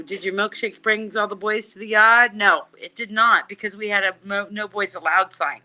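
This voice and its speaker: Barely pausing, a woman with a medium-pitched voice speaks at a moderate pace on her psychic live stream. She jokes, chats casually, and reads comments from the chat aloud with animated excitement.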